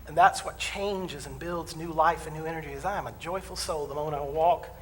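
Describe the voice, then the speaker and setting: A man's voice: on the high side, fairly quick, slight background noise. A man preaching a sermon as the minister, folksy and humorous, telling personal stories and acting out voices. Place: church sanctuary. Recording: distant mic in a reverberant hall.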